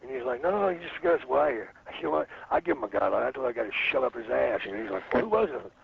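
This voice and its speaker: The man, a former wrestler being interviewed, speaks very fast in a mid-range voice with big pitch swings and vocal fry. He tells rambling, profane stories, slipping into the voices of people he quotes. Sound quality is slightly muffled, with faint noise.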